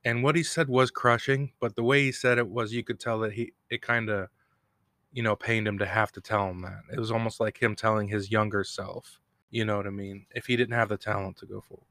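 Alone at the mic in his home recording room, a podcast host briskly recaps a TV episode in a lowish, a bit bright voice with fairly even intonation. He rambles, pokes fun at himself, and laughs at his own jokes. The audio is studio quality with no room sound, and a cat bell rings nearby.

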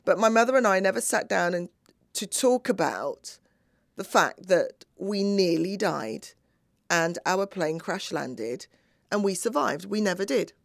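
A middle-aged woman tells a personal story with earnest feeling. Her voice is gravelly and mid-pitched. She sounds close and dry. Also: animated, measured pace, dry recording. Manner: earnest, acts out remembered dialogue. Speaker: speaker.

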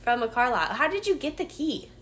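A woman's voice: high voice, sing-song, a bit bright, slight background noise. A woman in her thirties, a mother and podcast co-host, chatting bluntly and swearing freely. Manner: blunt, profane, quick reactions. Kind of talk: casual storytelling chat.

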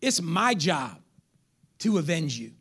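Animated, high-pitched preaching pastor man. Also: slow, breathy edge. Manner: animated preacher, acts out congregants, jokes with crowd. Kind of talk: lively sermon. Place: church.

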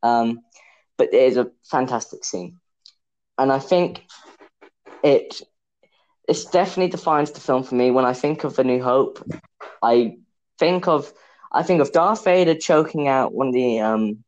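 A man's voice: medium pitch, normal speed, pauses often, darkish tone, dull audio. A young man, co-hosting a casual podcast chat, joking and hesitant, full of fillers and restarts. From England. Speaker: podcast co-host.

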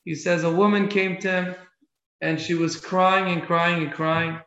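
A man with a fairly high, gravelly voice teaches an evening Torah class. He speaks earnestly and keeps circling back to repeat key phrases. The recording is roomy and echoey, with a dull lo-fi sound. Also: little pitch movement, a little slow, bright, forceful tone.

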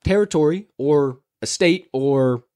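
A man's voice: a little high, a little slow, mellow, clear, resonant tone, no echo, studio quality. A young man from the Chicago area hosting a sports betting podcast in a casual, upbeat, hype-filled way. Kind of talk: casual chat.

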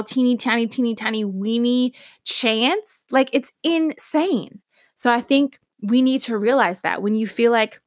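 A woman's voice: fairly high pitch, no echo, studio quality. A woman hosting a motivational podcast monologue. She talks emphatically and repeats herself, piling up words and laughing between lines. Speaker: podcast host.

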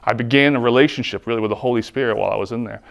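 A man telling his own faith testimony, earnest and heartfelt, with lots of "like" between his thoughts. His voice has a gravelly, creaky edge and sits at an ordinary middle pitch. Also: very fast. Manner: earnest, heartfelt, frequent "like" fillers. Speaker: speaker giving a personal testimony.

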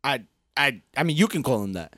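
A man's voice: medium pitch, big pitch swings, brisk, a bit bright, no echo. A man co-hosting a casual podcast chat, laid-back, agreeing, and laughing along. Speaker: podcast co-host.

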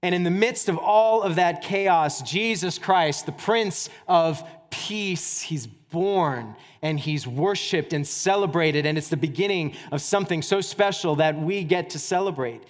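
A man pastor preaching a sermon in a conversational, animated way, with casual asides. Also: a little high, a little slow, few pauses. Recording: church hall reverb.

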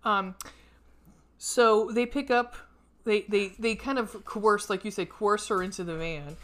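A woman's voice: medium pitch, unhurried, fairly bright tone. A young woman co-hosting a casual podcast chat about a horror film, rambling with many fillers and casual swearing. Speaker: podcast co-host.

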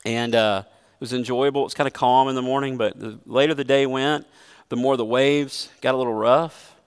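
A man's voice: medium pitch, fairly even intonation, moderate pace, smooth, big-room sound. A man preaching a sermon as a pastor, earnest and emphatic, mixing scripture with a personal story.

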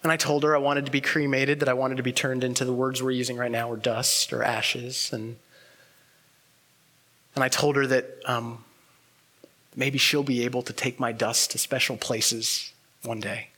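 Frequent pauses and softly trailing words mark this pastor's sermon. He's earnest and reflective, and his voice is medium-pitched and level.

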